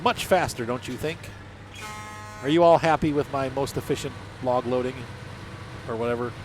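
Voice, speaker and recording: A man's voice: mid-range voice, moderate pace. A man with a stuffed-up nose from allergies, casually commenting on his gameplay in a rambling, joking, self-deprecating way. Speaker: gaming channel host. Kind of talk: casual let's-play commentary. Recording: game engine and vehicle noise behind.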